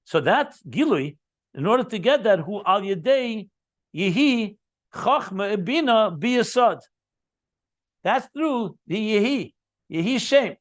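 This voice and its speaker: A man leads a text study lesson, explaining each line and repeating key terms. His voice sits high, and he adds eager asides as he goes. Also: expressive, slow. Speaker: Chassidus teacher.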